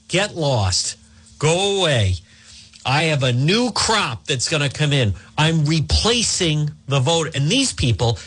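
Hosting a talk radio show, this man argues combatively in an opinionated monologue, hammering repeated points and rhetorical questions. His voice is on the high side, a bit bright and slightly rough.

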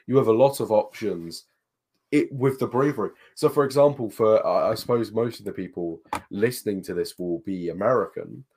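Man, low voice, chatty co-host, emphatic advice-giver. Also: moderate pace, darkish tone, husky. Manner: thoughtful, reads aloud from books, emphatic advice. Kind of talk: casual chat.

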